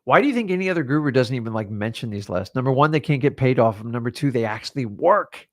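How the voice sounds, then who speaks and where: A man's voice: mid-range voice, animated, fast, no room sound, studio quality. A middle-aged man, a real estate coach, giving a blunt motivational masterclass and swearing casually as he talks.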